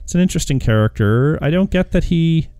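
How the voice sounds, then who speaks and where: Mellow-voiced man co-hosting a film podcast. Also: on the high side, expressive, quick pace, smooth, dry recording, studio quality. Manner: conversational, leads topics with loose hesitant phrasing. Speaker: podcast co-host. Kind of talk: casual movie discussion.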